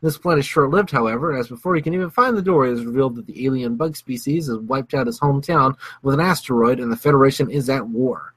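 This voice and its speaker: A man's voice: medium pitch, fast, hardly any pauses, a bit bright, husky, no echo. A man co-hosting a casual film review podcast, summing up a plot in a wry, sarcastic way. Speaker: podcast co-host.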